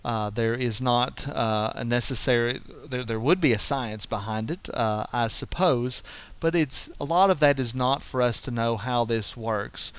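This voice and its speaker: A man's voice: medium pitch, measured pace, clear, resonant tone. A man giving a verse-by-verse Bible teaching, explaining as he goes and often restarting his sentences. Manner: explanatory, thinking aloud with frequent restarts.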